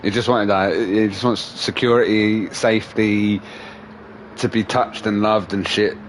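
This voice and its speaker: A man hosting a stream, chatting casually and telling animated stories full of swearing and animal impressions. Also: fairly low pitch, a little slow, slight background noise. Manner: animated storyteller, swears a lot, mimics animals. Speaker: streamer host. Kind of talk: casual chat.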